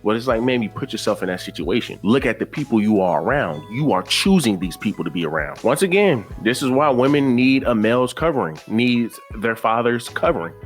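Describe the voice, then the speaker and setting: A man's voice: medium pitch, big pitch swings, fairly quick, hardly any pauses. Man, commentary host, blunt, preachy, repetitive, casual slang, faint background music. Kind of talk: reaction commentary.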